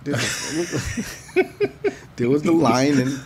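A man co-hosting a casual faith talk show, telling stories with animated character voices. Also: fairly high pitch, very slow, background noise. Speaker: co-host. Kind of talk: casual chat.

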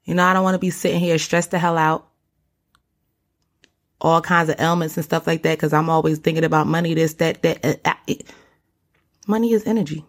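A young woman talks straight to her listeners in a loose, slangy podcast ramble, sweet-talking them as honey and baby. Her voice sits a little low for a woman. She jumps between playful asides and earnest advice with lively energy. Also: fairly quick, long pauses. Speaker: podcast host. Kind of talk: casual solo podcast talk.

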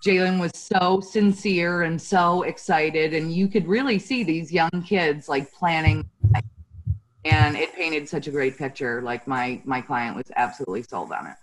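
A woman's voice: sits low, unhurried, poor audio. A woman real estate agent telling a heartfelt story in a chatty way, full of fillers. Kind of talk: casual storytelling.

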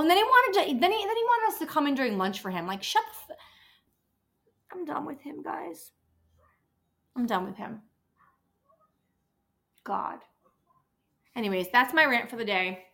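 Bright-voiced woman venting on her podcast. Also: medium pitch. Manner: exasperated, venting, swears freely. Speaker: podcast host, dental office worker. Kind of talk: casual solo podcast rant.

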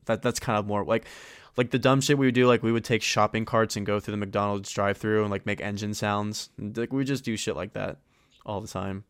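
A young man with a lowish, smooth, clear voice tells a long story on a podcast in casual chat. He rambles, swears freely and gets animated as he acts out the other people in the story. The sound is dry and close. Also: brisk, dry recording. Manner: profane, rambling, animated when retelling. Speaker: podcast co-host.

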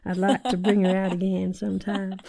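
A woman voice actor in a relaxed conversation. She speaks at a medium pitch, friendly and a little hesitant, with many fillers. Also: a little fast, vocal fry. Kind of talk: casual chat.

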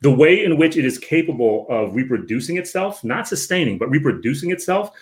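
A man's voice: fairly high pitch, lively intonation, brisk. A man speaking as a guest in a casual podcast conversation, earnest and lecturing, often repeating words and tagging on "right?".

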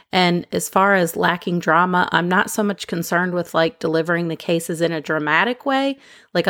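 A woman hosting a podcast, talking to her listeners in a calm, gentle, unhurried way into a microphone. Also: on the low side, dry recording, studio quality. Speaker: podcast host. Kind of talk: casual chat to listeners.

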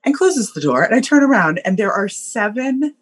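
A woman guest on a podcast, telling a personal story in an animated way, acting out voices and laughing often. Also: a little high, moderate pace, husky.

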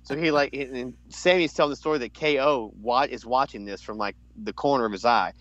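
A man chatting casually about wrestling on a podcast, rambling and circling back on himself. His voice sits in a middle pitch, and the recording is a little dull and lo-fi. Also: fairly quick, a bit bright, slight background noise. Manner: rambling, restarts often, jumps into high voice to quote. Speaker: podcast co-host.

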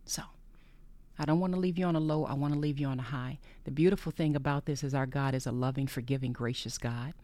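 A podcast host giving an earnest faith-based monologue, repeating phrases for emphasis and often sinking into a breathy whisper. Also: mid-range voice, fairly even intonation, fast, few pauses, warm tone, dry recording.

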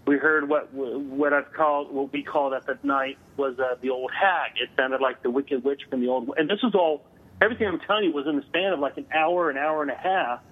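A man, a guest on an interview, telling a story over the phone, halting with many filler sounds. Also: mid-range voice. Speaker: guest paranormal investigator. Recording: tinny phone line.

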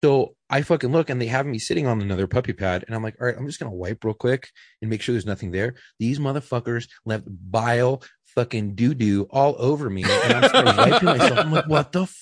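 A man's voice: medium pitch, expressive, brisk, no room sound, studio quality. A man co-hosting a podcast, telling a profane story in casual chat and acting out his own quotes. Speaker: podcast co-host.

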